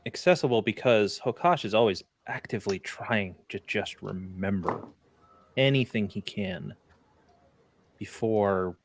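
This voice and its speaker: A man narrating as game master of a tabletop game, in a measured, descriptive manner. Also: lowish voice.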